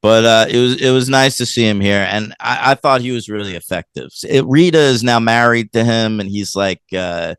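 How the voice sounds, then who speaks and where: A man co-hosting a casual film review podcast, rambling and animated as he retells scenes, with lots of fillers. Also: mid-range voice, moderate pace, hardly any pauses, clear, resonant tone, no echo, clean studio sound. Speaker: podcast co-host.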